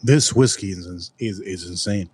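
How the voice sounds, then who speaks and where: A man's voice: low voice, unhurried, darkish tone, husky. A man rambling through a casual live-stream food review, repeating himself and answering his chat. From United States.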